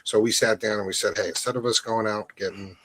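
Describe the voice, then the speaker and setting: A man's voice: fairly low pitch, fairly even intonation, fast talker, fairly bright tone, no echo. A man co-hosting a casual podcast, laid-back and explaining things plainly. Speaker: podcast co-host.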